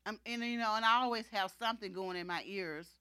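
A woman's voice: medium pitch, quick pace, sharp tone, clean tone, no room sound, clean studio sound. A middle-aged woman preacher giving a sermon, emphatic and repetitive, often saying "you know". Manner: emphatic, repeats key phrases, frequent "you know".

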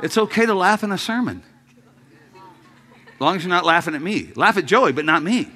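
A man preaching an energetic sermon, joking with the congregation and breaking into shouted rallying calls. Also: sits high, normal speed, slight background noise.

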